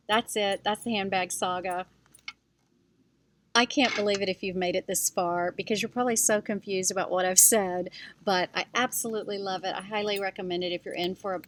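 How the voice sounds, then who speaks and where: A middle-aged woman vlogger telling a story in a casual, chatty, animated way as she reviews a handbag. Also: mid-range voice, slight background noise.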